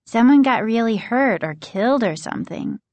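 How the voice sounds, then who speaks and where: A woman's voice: fairly high pitch, expressive, normal speed, a little mellow, no room sound, highs cut off, voice pushed up, natural voice. Woman doing a blunt, gossipy preteen girl. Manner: blunt, confiding.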